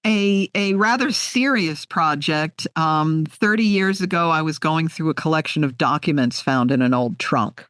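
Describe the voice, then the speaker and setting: A woman in her sixties, an author being interviewed, telling stories in an animated, heartfelt way. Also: low voice, moderate pace, hardly any pauses, no echo, studio quality. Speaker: author guest. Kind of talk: conversational interview.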